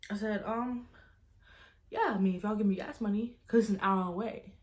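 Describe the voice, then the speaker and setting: A woman's voice: medium pitch, fairly even intonation, moderate pace. A young woman telling a story to her camera in a casual, chatty way, full of "like" and quoted back-and-forth. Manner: casual, fills speech with "like", retells dialogue in quoted voices. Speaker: vlogger.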